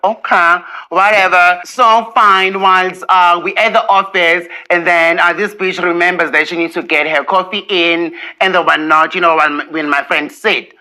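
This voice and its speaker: A man's voice: high voice, bright, forceful tone, poor audio. A man recounting a personal story in a gossipy, profane way, with bursts of laughter.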